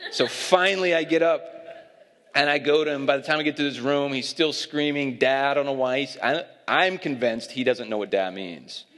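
A young adult man preaching a sermon, telling a lively family story and laughing at it. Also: medium pitch, moderate pace. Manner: storytelling, animated, laughing at his own stories. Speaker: pastor. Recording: long hall reverb.

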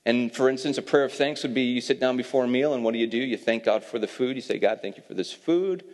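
A pastor giving a sermon, reading scripture aloud and explaining it with casual asides. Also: male voice, medium pitch, quick pace, darkish tone. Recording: long reverb of a hall.

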